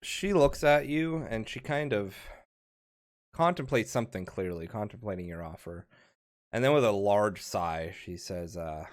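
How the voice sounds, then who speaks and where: A man running a tabletop game as game master, narrating in a halting way, often repeating words and chuckling. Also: fairly low pitch, animated.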